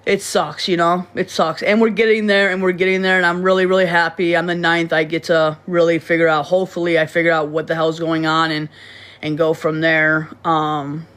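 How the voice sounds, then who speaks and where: A woman's voice: lowish voice, flat delivery, fairly quick, a bit bright. A young woman talking casually to her livestream viewers, rambling and restarting sentences, blunt and swearing freely. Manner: rambling, repeats words and restarts often.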